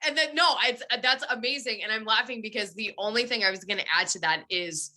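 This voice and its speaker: A young woman telling animated, chatty stories in a casual podcast conversation. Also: a little high, fast.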